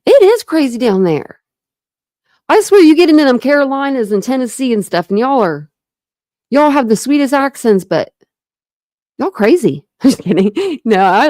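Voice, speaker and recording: A woman's voice: medium pitch, a little mellow, dry recording, studio quality. A young woman from Ohio hosting a casual true crime livestream, rambling and chatty with lots of fillers and restarts. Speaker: true crime channel host. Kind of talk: casual livestream chat with viewers.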